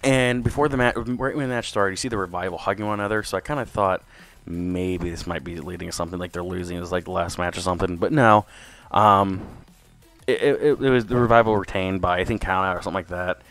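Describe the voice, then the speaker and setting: A man's voice: sits low, quick pace, soft background music. A young man hosting a wrestling podcast, rambling through a casual review with lots of swearing and fillers. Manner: rambling, profane, excitable. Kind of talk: casual solo review commentary.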